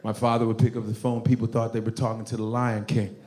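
A man from Nigeria doing an animated, profane stand-up set on a comedy club stage, often laughing. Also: on the low side, fast, reverberant, noisy background.

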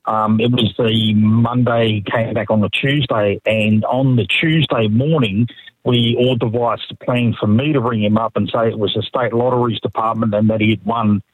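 A man's voice: on the low side, steady tone, normal speed, dry recording, phone-quality sound. A middle-aged man calling into a radio show, telling an anecdote animatedly and restarting his sentences. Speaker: caller. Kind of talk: casual phone-in anecdote.

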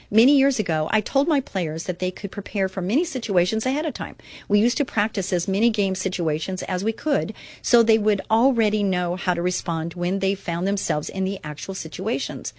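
A woman's voice: medium pitch, no room sound. A middle-aged woman hosting her own faith-based radio show, chatting earnestly and reading scripture aloud with emphasis. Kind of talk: devotional talk radio monologue.

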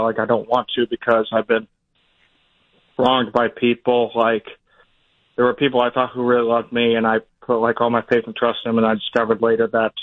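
A man from Ohio calling into a radio show, speaking haltingly with many fillers and a resentful tone. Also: mid-range voice, no echo. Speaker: caller. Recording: tinny phone line.

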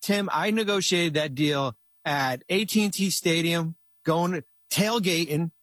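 A man's voice: fairly high pitch, a little slow, fairly bright tone, no room sound. A middle-aged man telling a long story in casual chat as a guest, rambling with many restarts and fillers.

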